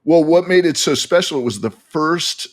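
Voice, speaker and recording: A man as a podcast guest, telling a story in animated casual chat with frequent restarts. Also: fairly high pitch, normal speed.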